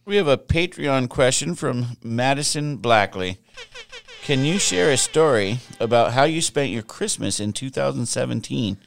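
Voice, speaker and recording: Gravelly podcast host, lively pitch. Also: moderate pace. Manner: lively interviewer, reads listener questions. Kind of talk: casual chat.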